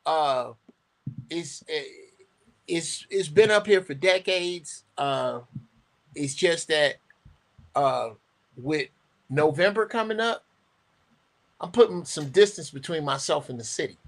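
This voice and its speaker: A man's voice: a little high, takes it slowly, long pauses. A man on a livestream panel talking hesitantly with many restarts. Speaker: panel guest. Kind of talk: casual livestream panel chat.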